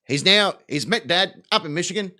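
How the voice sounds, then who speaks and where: A man hosting a live talk show, telling a story with lots of swearing and quick character voices. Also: sits high. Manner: animated, profane storyteller doing quick voices.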